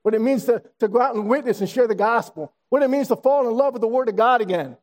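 A man's voice: very high-pitched, fast, a little mellow. A man in his sixties preaching a sermon, telling a story and repeating phrases for emphasis. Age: 60s. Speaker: pastor.

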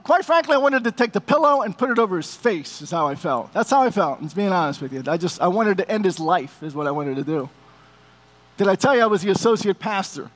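Middle-aged male pastor, very high voice, emotional storytelling sermon to the congregation. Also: fairly bright tone.

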